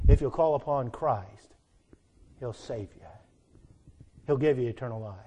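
A man preaching a sermon, quoting scripture in old-fashioned wording, swinging from loud emphatic peaks to low, quiet stretches. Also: unhurried, pauses often.

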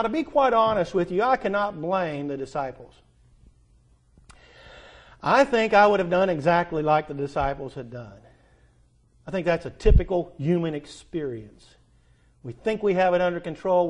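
A man preaching a sermon, swinging between loud urgent appeals and soft hushed asides, drawing out words for emphasis. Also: high voice.

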